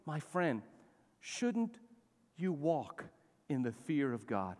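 A middle-aged pastor delivers an animated sermon in a church, his voice pitched a little high. He calls out to his congregation for responses, and his words ring with a long hall reverb. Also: slow. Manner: animated, exhorting preaching with call-and-response.

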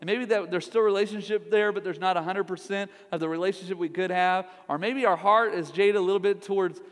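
Pastor guy preaching, jokey and chatty with the crowd, kinda high voice, big echoey hall. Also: fairly even intonation, fast talker. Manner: joking, conversational preaching with audience asides. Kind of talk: sermon. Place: large church hall. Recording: reverberant church hall.

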